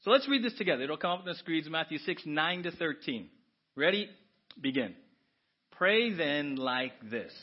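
A man delivers a sermon from the pulpit of a church, dropping to hushed asides and then rising to loud, lively exclamations. His voice sits fairly high. The recording sounds dull and lo-fi, like a church audio capture. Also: brisk, husky. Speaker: pastor. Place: church sanctuary.

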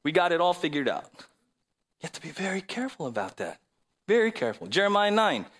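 A man preaching from the pulpit with a slightly high, very lively voice that rises and falls. He asks the congregation question after question and reads scripture passages aloud. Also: fairly quick. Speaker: pastor. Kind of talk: sermon.

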